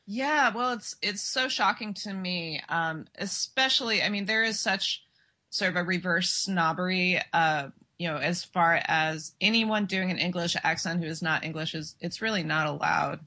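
A woman's voice: on the low side, moderate pace, pushed and bright. A woman co-hosting a casual TV review chat who talks emphatically and laughs often. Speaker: podcast co-host and TV blogger.

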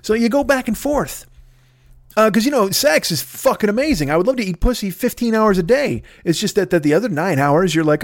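A man's voice: high voice, fairly quick. Profane, rambling middle-aged male podcaster. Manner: profane, rambling, self-mocking. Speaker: podcast host. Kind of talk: comedic monologue. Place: home.

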